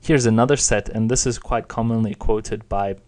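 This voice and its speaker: A man's voice: on the low side, fairly even intonation, moderate pace, a little mellow. Man patiently explaining a language lesson. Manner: patient, plain explaining with demonstrated intonations. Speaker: Chinese teacher.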